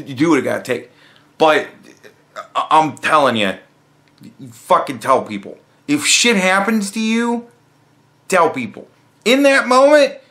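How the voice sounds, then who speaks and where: A man's voice: high voice, a bit bright. A man giving a blunt, profane reaction rant as a vlogger, stumbling over restarts. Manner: blunt, heavy swearing, frequent restarts. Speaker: vlogger commentator.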